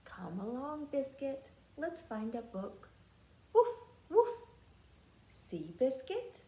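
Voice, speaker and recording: A woman teacher reads a picture book aloud to young children at an unhurried pace. Her pitch rises and falls in a lively way, and her voice sounds mellow and warm. The recording has a roomy echo. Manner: slow, gentle and lively. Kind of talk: storybook read-aloud for children.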